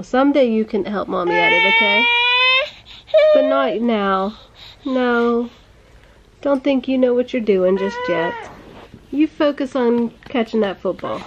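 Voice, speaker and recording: A woman's voice: fairly high pitch, very animated, measured pace, long pauses, a little hiss or hum. Woman cooing baby talk, dull lo-fi sound. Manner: gentle baby talk to her little ones. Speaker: mother. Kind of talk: family vlog.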